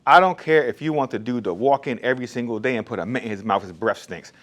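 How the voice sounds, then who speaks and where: This barbershop owner talks quickly in a medium-pitched, slightly bright voice. In a casual monologue he spells out his shop rules bluntly and with emphasis.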